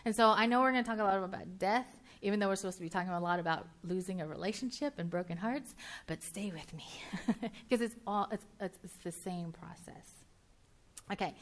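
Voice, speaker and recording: A woman preaching in a relaxed, chatty way, as if she were talking with friends. She trips over her own words, starts sentences again and laughs easily with her listeners. Her voice sits at an ordinary middle pitch. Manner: chatty, with filler words and quick restarts; laughs easily and banters with the audience. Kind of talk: casual conversational sermon.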